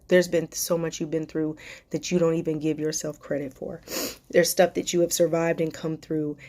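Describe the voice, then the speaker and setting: A woman's voice: deep voice, gravelly, dark tone. A woman hosting a live stream Q&A as a life coach, speaking affectionately and emotionally to viewers with spiritual encouragement, calling them darling and sweetheart.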